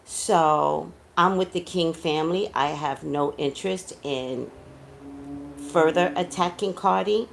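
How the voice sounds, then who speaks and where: A woman's voice: deep voice, slow pace, creaky, slight background noise. A woman giving blunt, scolding, emotional celebrity commentary as a psychic.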